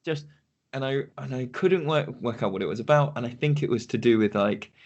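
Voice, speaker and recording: Man co-host, thoughtful and halting, mid-pitched, casual tone. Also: highs cut off, crowd noise. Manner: reflective, halting. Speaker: podcast co-host. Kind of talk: casual chat.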